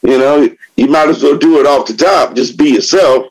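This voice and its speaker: An older man in his seventies with a fairly high voice tells his story to a recovery group. He talks in a loose, profane way and laughs often. He swings from loud, emphatic bursts to low, quiet reflection. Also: normal speed, poor audio. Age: 70s. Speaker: AA meeting speaker. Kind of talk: sharing personal story at recovery meeting.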